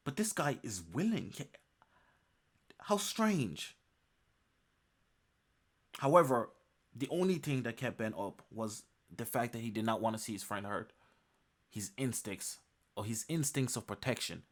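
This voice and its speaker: A man's voice: mid-range voice, lively intonation, unhurried, pauses often. A man reviewing a webtoon chapter in an enthusiastic recap, emphatic and repeating phrases for emphasis.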